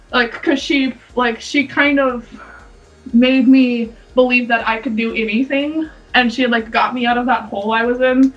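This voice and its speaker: A woman's voice: on the high side, normal speed, fairly bright tone, distant mic. A young woman co-hosting a casual podcast, rambling and giggling as she chats. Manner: giggly, rambling, often breaks into laughter. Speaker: podcast co-host. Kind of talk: casual chat. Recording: dull lo-fi sound from off mic, faint music.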